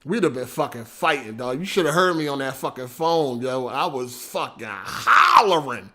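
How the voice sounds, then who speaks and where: A man hosting a livestream, telling a story in a casual, slangy, profane, animated way. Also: mid-range voice, normal speed. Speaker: podcast host.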